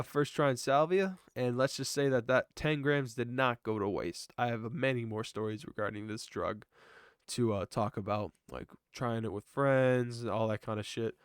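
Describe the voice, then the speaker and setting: A young man spins a casual story for his vlog at an ordinary middle pitch, laid-back and rambling with plenty of slang and filler words. The sound is dry and close, with no room echo. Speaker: vlogger.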